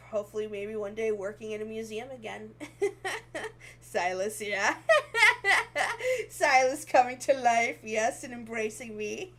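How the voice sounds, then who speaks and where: A young woman streaming as a VTuber, chatting casually and giggling often as she reads comments aloud. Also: on the high side. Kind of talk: casual livestream chat, reading comments.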